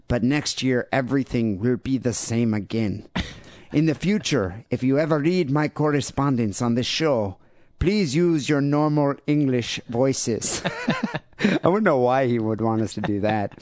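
A man voicing a male listener reading an email in a deliberately bad, put-on Brazilian accent. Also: mid-range voice, lively intonation, a little mellow, no echo, close to an everyday voice. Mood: mock-earnest.

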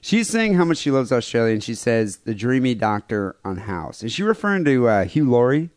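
A man's voice: mid-range voice, sing-song, brisk, no echo, studio quality. A man co-hosting a crude comedy podcast, joking and often restarting his sentences. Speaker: podcast co-host. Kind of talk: casual comedy chat.

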